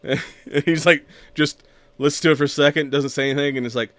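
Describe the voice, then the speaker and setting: A man's voice: a little high, steady tone, brisk, fairly bright tone, no room sound. A man casually recapping a movie on a podcast, rambling, laughing often and acting out the lines. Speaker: podcast co-host.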